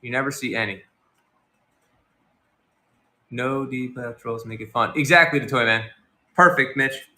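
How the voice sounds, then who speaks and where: A man's voice: medium pitch, unhurried, pauses often, sharp tone. A man hosting a casual livestream, chatting loosely and reading out and answering viewer comments. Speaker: livestream host.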